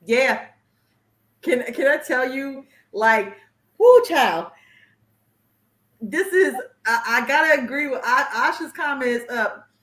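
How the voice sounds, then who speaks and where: A woman hosting a podcast talks in a fairly high voice, exuberant and slangy. She leans hard on emphasis and repetition, and the recording has a roomy echo around her. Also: unhurried, bright, forceful tone. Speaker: podcast host. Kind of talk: casual podcast chat. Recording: echoey room.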